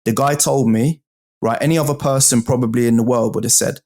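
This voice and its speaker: A man tells a wild story from his past with restless energy, dropping curses and calling his listener bro and mate. His voice sits at an ordinary middle pitch, and his telling is loose and conversational. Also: fairly quick. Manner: animated, swearing, addresses the host as bro and mate. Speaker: guest. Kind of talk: casual storytelling.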